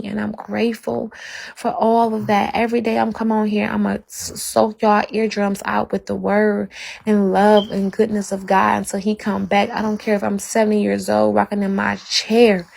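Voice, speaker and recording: A woman's voice: mid-range voice, vocal fry, a little mellow, low-quality recording. A woman giving a fervent faith testimony on a livestream. She talks straight to her viewers and repeats herself for emphasis.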